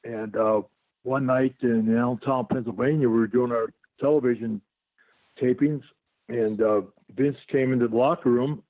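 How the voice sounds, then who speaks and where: A man's voice: mid-range voice, fairly even intonation, moderate pace. An older man, a guest on an interview, tells a long rambling story full of fillers and restarts. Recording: tinny dry phone line.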